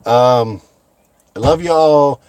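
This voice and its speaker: A middle-aged American man closing his window cleaning vlog with heartfelt thanks, talking slowly with many fillers and restarts. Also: mid-range voice, darkish tone, clear, resonant tone, no room sound. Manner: heartfelt, slow and halting with fillers. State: choked up. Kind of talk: casual vlog sign-off.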